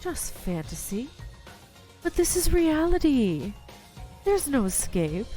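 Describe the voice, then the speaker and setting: Woman voicing a smooth-talking villain mastermind, soothing, coaxing, faint game music behind. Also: high-pitched, sing-song, slow pace, warm tone, pitched above the performer's own voice, exaggerated voice. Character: calm, persuasive mastermind villain tempting with a false paradise. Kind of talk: reading game dialogue aloud.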